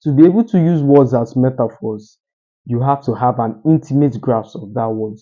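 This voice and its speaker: A man talking straight to the camera with deliberate pauses, teaching how to speak more articulately. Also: medium pitch, mellow, lo-fi sound. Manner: deliberate, uses pauses for emphasis. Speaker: communication coach. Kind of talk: solo talking-head advice.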